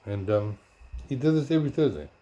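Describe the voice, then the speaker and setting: Soft-spoken man reminiscing. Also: medium pitch, expressive, a little fast, highs cut off. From South Africa. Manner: rambling, self-correcting, searches memory aloud; talks softly at times. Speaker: blogger. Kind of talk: casual storytelling.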